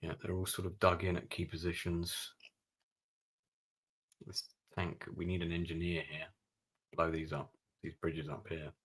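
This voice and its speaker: A man's voice: sits low, monotone, a little slow, long pauses, a bit bright, husky. A man streaming a strategy game, giving gameplay commentary and thinking aloud with muttered asides.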